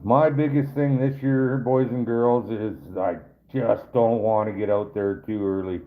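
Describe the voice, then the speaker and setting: This trapper's casual live stream features a man with a mid-range, steady voice who takes his time. He rambles and jokes with viewers in a folksy style, and the sound comes through tinny, as if over a phone.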